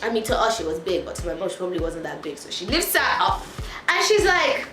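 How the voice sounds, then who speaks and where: A woman vlogger telling a story in an animated way, laughing as she goes. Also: a little high, moderate pace. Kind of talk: storytime vlog. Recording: echoey room, faint music.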